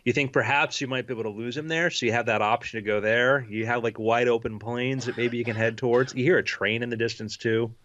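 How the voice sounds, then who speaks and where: A man narrating a tabletop game as game master, describing scenes in a relaxed way. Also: medium pitch, fast talker, few pauses, lo-fi sound.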